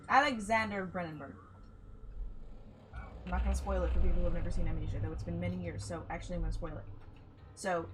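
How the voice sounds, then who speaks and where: A woman streaming a game live, excitable, swearing and talking to herself as she plays. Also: fairly low pitch, background noise. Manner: excitable, swears, talks to herself while playing.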